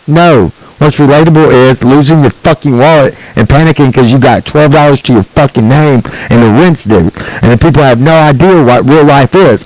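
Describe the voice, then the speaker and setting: A man's voice: mid-range voice, fairly quick, darkish tone, no echo, low-quality recording. Man, thirties, angry sarcastic stand-up rant, dry close sound. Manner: angry, sarcastic and profane, with mocking put-on quotes. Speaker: stand-up comedian.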